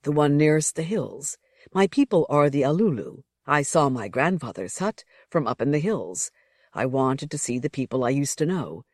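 A reader voicing a deferential male servant who acts as a guide, speaking calmly and politely. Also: medium pitch, moderate pace, dry recording, studio quality. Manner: calm, polite, explaining.

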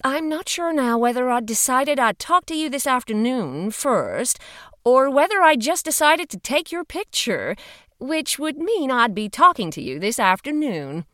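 A woman's voice: high voice, sing-song, a little slow, bright, forceful tone, no echo, studio quality, pitched above the performer's own voice, exaggerated voice. A woman voicing a chatty, candid female investigator. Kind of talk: audiobook reading.

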